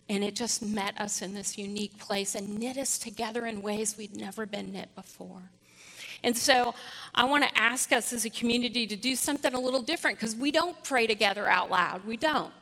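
A woman's voice: mid-range voice, bright, forceful tone. A woman giving a sermon, telling a personal story in an earnest way and leading her congregation in prayer. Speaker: preacher. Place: church hall. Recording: long hall reverb.

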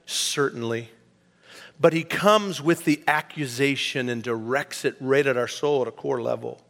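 A middle-aged man preaching a sermon as pastor, emphatic, swinging from raised passages down to a quiet hush. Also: medium pitch, normal speed, gravelly. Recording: long hall reverb.

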